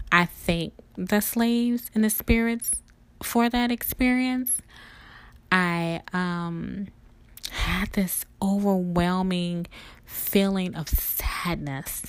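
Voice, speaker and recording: A woman telling a personal story in an emotional, earnest, halting way. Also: lowish voice, clear, resonant tone, no echo. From family roots in Louisiana.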